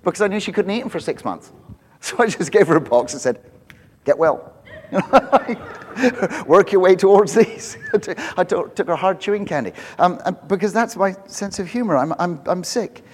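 Joking pastor in a reverberant church. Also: male voice, sits high, lively intonation, normal speed, a little hiss or hum. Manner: conversational and joking, self-mocking. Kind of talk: sermon.

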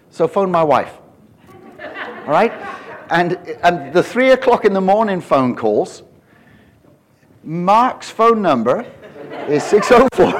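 A man preaching a conversational sermon in a church, joking and animated, with self-deprecating asides. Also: a little high, slight background noise. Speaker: pastor.

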